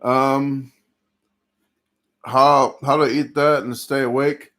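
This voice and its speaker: A man's voice: medium pitch, level tone, slow, fairly bright tone. Man, casual stream host, rambling, just ate a huge meal. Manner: rambling, chatty, reads out viewer names; full and sluggish after a big eating challenge. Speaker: competitive eater streaming a live chat. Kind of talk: casual live-stream chat.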